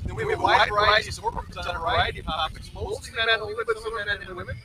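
A man representing a nonprofit, explaining its programs to the public in a brisk, matter-of-fact way at an outdoor festival. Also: high voice, wildly swooping pitch, creaky, a loud crowd. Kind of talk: informative pitch to the public. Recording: distant mic with loud background noise.

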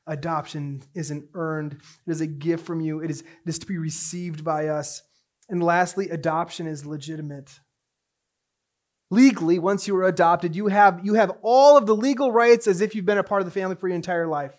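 High-voiced preaching man. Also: fairly even intonation, normal speed. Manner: swings between hushed storytelling and raised emphatic preaching. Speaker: pastor. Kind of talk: sermon.

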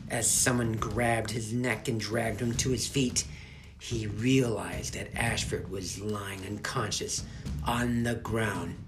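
A man narrating a children's fantasy novel as an audiobook, expressive and measured. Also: lowish voice. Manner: expressive, slow storytelling. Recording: soft music underneath.

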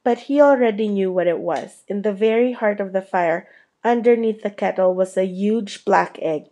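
A woman narrating a storybook chapter in a steady, unhurried reading voice. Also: mid-range voice. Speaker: audiobook reader.

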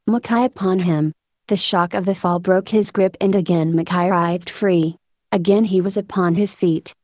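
A woman narrating a story in a steady, measured reading voice. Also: on the low side, no echo. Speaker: audiobook narrator.

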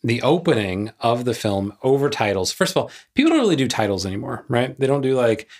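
A man's voice: medium pitch, big pitch swings, fairly quick, a little mellow. A man co-hosting a podcast in casual chat, joking around and laughing often. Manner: playful, laughs often, jokey. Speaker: podcast co-host.

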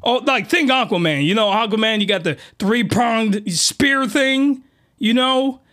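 High, bright-voiced man ranting comically. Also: a little slow. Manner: animated, jumps into high-pitched shouted outbursts; slangy, rambling, with many restarts. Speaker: podcast host reviewing a comic. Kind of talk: comedic comic review monologue.

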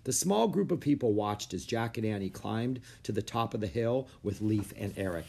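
A man narrating a children's storybook aloud, expressive and animated. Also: fairly low pitch, moderate pace, creaky, breathy edge.

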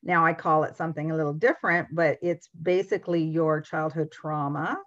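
A woman with a notably low voice hosts a relaxed interview, speaking in a measured, gentle way. Her audio sounds a little dull and lo-fi. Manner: measured, gentle questioning with soft affirmations. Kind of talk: conversational interview.

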